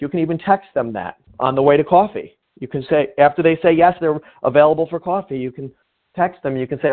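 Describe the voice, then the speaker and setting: A man's voice: on the high side, quick pace. A man giving informal coaching advice in a conversational way, often restarting his phrases. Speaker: sales coach. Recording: tinny phone-like sound.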